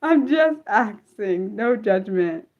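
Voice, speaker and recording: Chatty excitable young woman streamer. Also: mid-range voice, slow pace, muffled recording. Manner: chatty, excitable, lots of fillers and restarts, reads chat aloud. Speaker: livestream host. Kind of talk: unscripted livestream chat with viewers.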